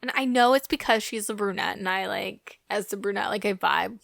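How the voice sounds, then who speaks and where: A woman's voice: mid-range voice, fairly quick, creaky, fairly bright tone, no echo, clean studio sound. A young adult woman co-hosting a podcast, chatting casually and playfully about a movie, with many fillers. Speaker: podcast co-host.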